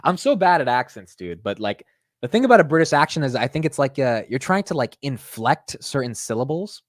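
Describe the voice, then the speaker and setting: A young man hosting a finance livestream, talking in an excitable, rambling way and calling his viewers bro and dude. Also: mid-range voice, fairly quick, no echo, studio quality. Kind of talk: casual live-stream chat.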